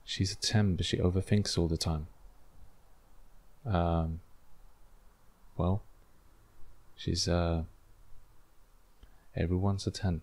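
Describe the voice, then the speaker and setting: Low, gravelly-voiced man rambling casually. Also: flat delivery, slow pace, pauses often, darkish tone. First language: not English. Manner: rambling, self-deprecating, many fillers. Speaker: podcast host. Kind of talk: casual solo podcast, reacting to tweets.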